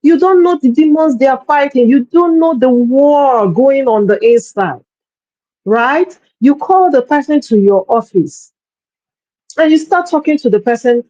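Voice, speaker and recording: A woman's voice: high voice, a little slow, warm tone, dry recording, muffled recording. A woman coaching parents in a workshop talk, speaking earnestly and often repeating words as she searches for her phrasing.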